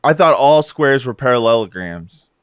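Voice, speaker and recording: A man's voice: mid-range voice, expressive, smooth, no echo, clean studio sound. A man co-hosting a comedy podcast, chatting casually and joking loosely with his guests. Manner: joking, loose, with drawn-out questions. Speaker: podcast co-host.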